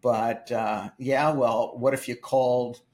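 An older man, a film producer, telling emphatic, animated stories in an interview. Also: mid-range voice, slow. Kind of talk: storytelling interview.

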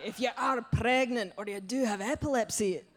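A woman voicing a blood-soaked male Victorian butcher with a rough attempt at a Scottish accent, delivering deadpan threats. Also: on the high side, moderate pace, slight background noise, lightly acted. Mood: menacing. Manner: blunt, deadpan threats mixed with announcements.

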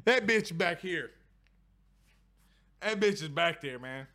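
A man's voice: a little high, expressive, slow pace, bright, forceful tone, no room sound, clean studio sound. A tipsy young man hosting a sports livestream, reading viewer comments in a rowdy, profane, laughing way. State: tipsy from whiskey. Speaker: sports show host.

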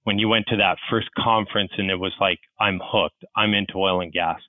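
A man's voice: low voice, fairly even intonation, brisk, dry recording. Canadian man on a tinny line. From Calgary, Canada. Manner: self-deprecating, chatty. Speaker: podcast guest. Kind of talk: casual podcast storytelling.

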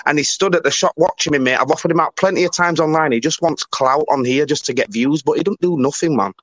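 A blunt man speaks up on a live stream, confrontational and plain-spoken. His voice is a little higher than most and is recorded dry, with no room sound. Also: fast, fairly bright tone, dry recording. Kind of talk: casual live stream chat.

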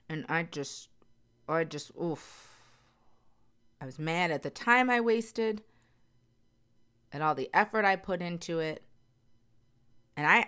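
A woman with a low, deep speaking voice talks straight to her viewers in a candid vlog. She is earnest and emphatic and repeats phrases to drive her point home. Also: a bit bright, smooth. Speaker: vlogger. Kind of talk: candid personal talk to viewers.

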